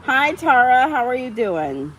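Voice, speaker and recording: A woman's voice: high voice, very animated, measured pace, fairly bright tone, a little hiss or hum, low-quality recording. A woman hosting a casual live stream, chatting with viewers, reading out their comments and getting heated about how dogs are treated. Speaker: livestream host.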